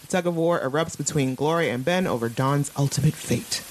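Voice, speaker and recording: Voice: medium pitch, a little hiss or hum. A podcast co-host recapping an episode in casual chat, laughing often, swearing casually and acting out the characters. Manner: animated, quick to laugh, acts out characters.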